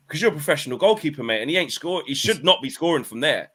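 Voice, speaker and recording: A man's voice: on the high side, lively intonation, quick pace, bright, forceful tone, husky. A man hosting a casual football panel chat, reflective and hesitant, restarting his sentences often. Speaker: football fan channel host.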